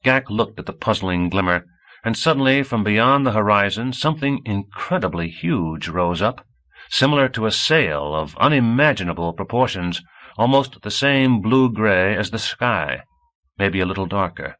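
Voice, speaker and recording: A male audiobook narrator with a bright, clear tone. He reads in a measured storytelling manner, and his pitch moves lively across phrases while sitting a little low. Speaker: audiobook reader.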